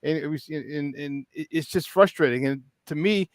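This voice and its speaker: A man hosts a sports talk radio show, excitable and rambling, stumbling over repeated words. His voice sits a little high for a man. The sound is dry and close to the mic. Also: normal speed, no echo.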